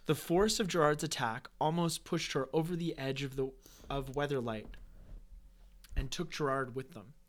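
A man's voice: medium pitch, moderate pace. Man casually retelling a fantasy story. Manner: reads story text, then breaks off into joking asides. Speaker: podcast host.

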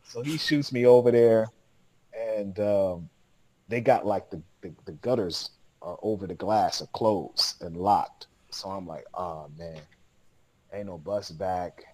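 A man's voice: sits low, slow, warm tone, no room sound, rough recording. A man, a podcast guest, telling a long story in casual, slangy speech with lots of laughter.

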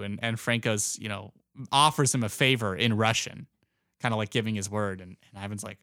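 A man's voice: lowish voice, fairly even intonation, a little fast, pushed and bright, clean tone, no echo, studio quality. A man casually recapping a movie plot in a chat, rambling with lots of fillers. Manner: rambling retelling with many fillers.

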